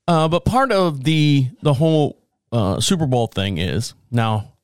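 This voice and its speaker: A man's voice: medium pitch, expressive, unhurried, smooth, no room sound, studio quality. A middle-aged man hosting a podcast in a casual, rambling monologue, self-mocking, swearing and laughing often. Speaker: podcast host. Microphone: podcast mic, also filmed.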